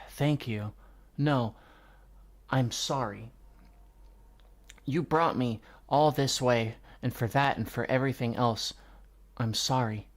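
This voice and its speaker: A man reading a comic aloud and reacting as he goes. He talks casually, swears often and sighs between thoughts. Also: medium pitch. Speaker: manga reader reacting. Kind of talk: live reading reaction commentary.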